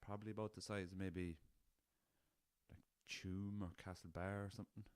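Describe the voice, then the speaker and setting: A young man with a west of Ireland accent hosts his own podcast, spinning loose, rambling stories full of swearing and chuckles. His voice sits very low and comes across smooth and resonant. The recording is dry and close, with no room sound. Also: little pitch movement, moderate pace, darkish tone, no echo. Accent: Irish, west of Ireland. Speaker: podcast host. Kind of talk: casual storytelling.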